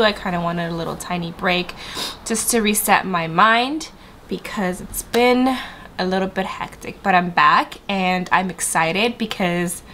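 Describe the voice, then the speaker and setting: A woman's voice: mid-range voice, a bit bright, a little hiss or hum. Bubbly woman with a stuffy, congested voice. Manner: bubbly and chatty, addressing viewers directly. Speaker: beauty vlogger. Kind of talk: casual sit-down makeup review.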